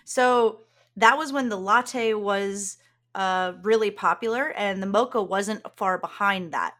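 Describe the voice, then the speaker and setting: A woman's voice: mid-range voice, a little slow, fairly bright tone. A woman co-hosting a podcast, explaining things in casual chat and laughing often. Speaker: podcast co-host.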